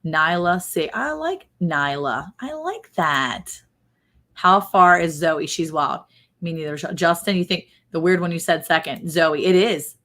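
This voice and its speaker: A woman with a fairly low voice hosts a relaxed livestream chat. She runs a guessing game, quizzes her co-host and reads out what viewers write. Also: a little slow. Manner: quizzing a co-host and reading viewer comments aloud.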